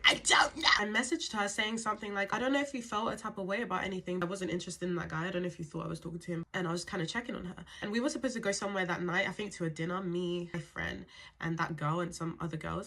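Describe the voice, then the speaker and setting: Fast-talking woman telling a story. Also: medium pitch, sharp tone. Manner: chatty, lots of "like" and asides to viewers. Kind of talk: casual storytime.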